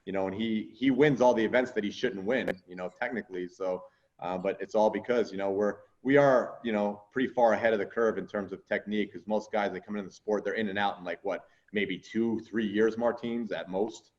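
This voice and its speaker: A man's voice: lowish voice, brisk, darkish tone. A man hosting a podcast in casual chat, rambling with lots of fillers and swearing freely. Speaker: podcast host and strongman coach. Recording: dull lo-fi sound.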